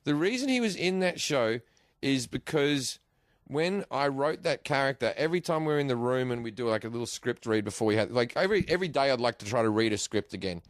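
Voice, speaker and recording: A man telling a comic story in an animated, swearing, laughing way. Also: mid-range voice, no echo, studio quality. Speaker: guest.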